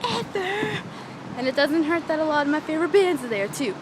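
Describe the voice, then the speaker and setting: Young woman, casual vlog, rambling and excitable, higher voice, loud traffic noise around her. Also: quick pace. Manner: rambling, excitable, swears freely. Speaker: vlogger. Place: outdoors by a street with traffic.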